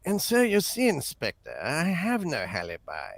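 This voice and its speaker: A suave, urbane older English gentleman drawls in a languid upper-class accent, as a man puts him on. His voice has a slight gravel to it. The sound is dry and close. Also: on the high side, huge pitch swings, normal speed, no echo, exaggerated voice. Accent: upper-class English impression.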